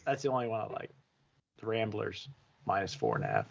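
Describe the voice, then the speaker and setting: A man's voice: fairly low pitch, huge pitch swings, fairly quick, creaky, dull audio, slight background noise. A man co-hosting a betting podcast, giving his picks in an easygoing, chatty way. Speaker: podcast co-host, bettor. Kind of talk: casual sports betting chat.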